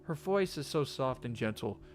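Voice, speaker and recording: A man reading a game's story text aloud, slow and halting, with faint game music behind him. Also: medium pitch, lively intonation. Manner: shouts profanity at a game character; reads narration quietly and haltingly. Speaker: gamer reading a visual novel aloud.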